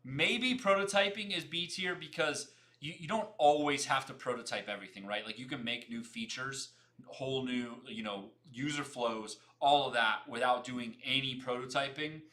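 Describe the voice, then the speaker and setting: A young man hosting a casual livestream, talking fast, repeating himself and greeting viewers by name as he chats. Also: medium pitch, pushed and bright. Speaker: livestream host.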